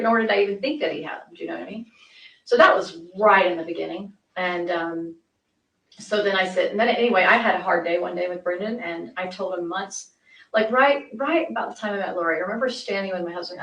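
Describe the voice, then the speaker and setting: A woman with a fairly low, slightly bright voice talks fairly quickly during a recorded interview, rambling, restarting many times, and acting out dialogue she quotes. The interview room is echoey, the mic far off, and faint noise is present.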